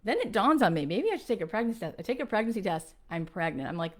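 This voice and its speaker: A woman in her forties, a podcast host, talks her listeners through a personal story. She is earnest and animated and uses lots of fillers, and her pitch sits in an ordinary middle range. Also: brisk. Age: 40s.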